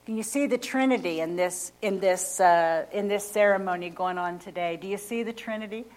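Her voice mid-range and a little mellow, a woman delivers a slow, emphatic sermon. She keeps returning to key phrases and asks the congregation questions.

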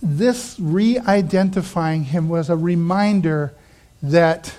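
High-voiced man preaching a lively sermon. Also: slow pace. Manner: animated, acts out quoted voices, drops to quiet asides. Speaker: pastor.

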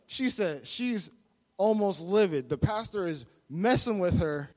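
Male preacher, higher voice, playful storytelling sermon with a reverberant hall sound. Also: normal speed. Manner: lively, humorous storyteller, repeats phrases.

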